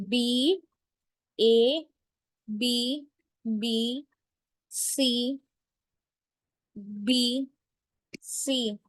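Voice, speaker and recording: Woman teacher going over lit terms, slow, keeps saying right? clear?, dry close sound. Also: a little high, dry recording, poor audio. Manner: slow, repetitive, checks understanding with "right?" and "clear?". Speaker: literature teacher. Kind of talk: classroom lecture.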